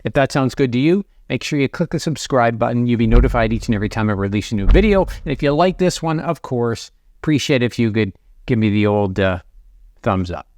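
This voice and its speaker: A middle-aged man coaching sales to camera, conversational and energetic, acting out sample lines to prospects. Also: medium pitch, brisk, no echo. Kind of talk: direct-to-camera coaching talk.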